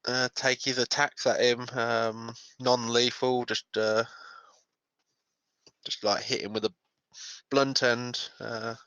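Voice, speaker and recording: A man's voice: medium pitch, flat delivery, slow, long pauses, pushed and bright, clean tone, no room sound, low-quality recording. A man playing a tabletop game, talking hesitantly with many fillers and some swearing. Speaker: player.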